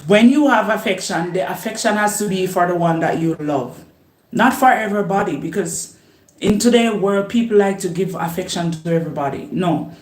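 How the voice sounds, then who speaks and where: A woman vlogger chatting casually while she cooks, unhurried, laughing often and talking herself up. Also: lowish voice. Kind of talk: casual chat while cooking. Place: home kitchen. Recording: roomy echo.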